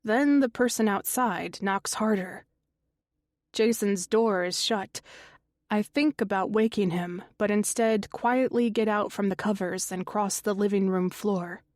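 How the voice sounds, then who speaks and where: A woman reading a first-person thriller audiobook in a slow, measured way, lifting her voice for quoted characters. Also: mid-range voice, darkish tone, no echo, clean studio sound. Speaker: audiobook narrator. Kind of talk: scripted narration.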